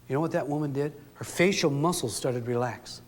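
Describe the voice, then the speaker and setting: A man's voice: a little high, a little fast, in a large hall. A man giving a live relationship seminar, telling stories and acting out the quoted lines of couples. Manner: storytelling, acts out quoted dialogue.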